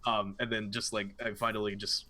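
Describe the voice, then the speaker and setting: A man's voice: on the low side, flat delivery, a little fast, sharp tone. A man playing in a tabletop game, describing his character's action scenes in a rambling, casual way full of fillers. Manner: rambling, lots of "like" and "um". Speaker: player.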